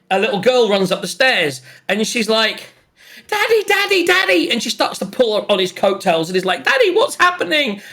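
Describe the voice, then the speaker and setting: A game master narrating a tabletop game in an animated way, often laughing and acting out shouts and hums. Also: medium pitch.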